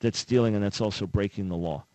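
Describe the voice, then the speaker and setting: A man's voice: fairly low pitch, quick pace, a little mellow, dry recording, low-quality recording. A man hosting a radio call-in talk show, speaking in an earnest, conversational way on a studio microphone. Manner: earnest, conversational, acts out imagined callers.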